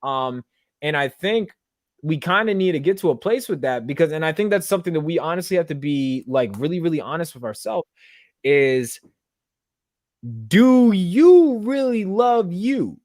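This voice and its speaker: A man hosting a solo podcast, talking earnestly and casually, often filling pauses with "you know what I'm saying.". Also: a little high, expressive, no room sound, clean studio sound. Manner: earnest, conversational, full of fillers. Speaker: podcast host.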